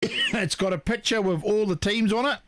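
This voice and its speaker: A man's voice: sits high, moderate pace, a bit bright, no room sound. A man from New co-hosting a casual live show, chatty and apologetic, reading out viewer comments while losing his voice. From New Zealand. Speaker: co-host. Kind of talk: casual live-stream chat.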